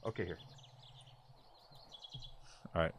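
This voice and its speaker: A man's voice: slow pace, very noisy. A man streaming a game from home, rambling with lots of "like" and swearing, and fussing at his dogs between game talk. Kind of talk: casual gaming stream chat.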